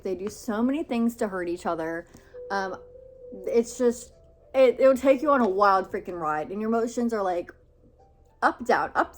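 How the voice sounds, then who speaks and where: A young woman talking casually and excitedly about books she loved, full of "like"s and repeated words. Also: medium pitch. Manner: gushing, filler-heavy with many "like"s and repeats. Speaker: book vlogger. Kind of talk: casual book review vlog.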